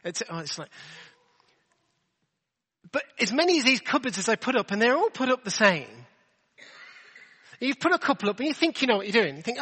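A high, bright-voiced man from delivers a casual sermon, throwing rhetorical questions at his congregation. His voice rings out with a long hall reverb behind it. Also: very animated, a little fast, pauses often. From England. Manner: chatty, self-deprecating, rhetorical questions. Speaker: preacher.

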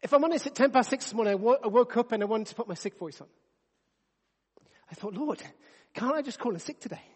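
Male preacher, thirties, high voice, earnest chatty sermon in a reverberant church hall. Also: animated, fast talker, husky. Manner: earnest and conversational, with frequent restarts.

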